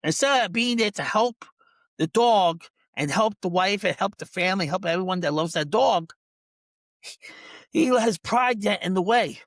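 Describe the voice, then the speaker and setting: Man telling an animated story, dry sound. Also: high-pitched, moderate pace, no room sound. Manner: animated, acts out other people's lines in changed voices; frequent restarts and repeated words. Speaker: dog trainer; podcast guest. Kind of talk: casual interview storytelling.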